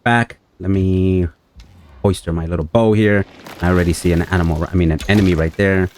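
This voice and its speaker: Playing a survival game, a man talks fairly quickly in a steady, slightly mellow voice, chatting with his viewers as he comments on the action. When something goes wrong, he yelps in high-pitched panic, like the let's play gamer he is.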